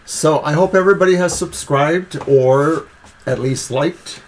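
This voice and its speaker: Rambling tarot-reading man, fairly high voice. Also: a little slow, a little hiss or hum. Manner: rambling, joking about coffee. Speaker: tarot reader co-host. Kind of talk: casual live-stream tarot reading.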